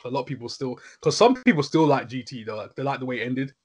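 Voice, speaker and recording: This man has a husky, medium-pitched voice and talks quickly in casual conversation. He rambles with animation and keeps checking in with his listener through a frequent "you know what I'm saying."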